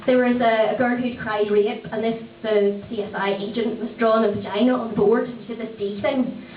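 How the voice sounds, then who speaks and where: A Northern Irish woman in her thirties performs a chatty, brash stand-up set on a small comedy club stage, swearing freely and laughing often. Her voice is fairly high and steady, a little fast, with a bit of hiss or hum. She uses a handheld stage mic, and the recording sounds tinny, distant and echoey.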